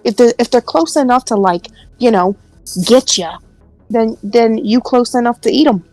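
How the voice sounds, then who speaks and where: A woman's voice: a little high, normal speed, darkish tone, no room sound, faint music behind. A woman at a tabletop game, teasing her friends and rambling with lots of fillers. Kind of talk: casual game table chat.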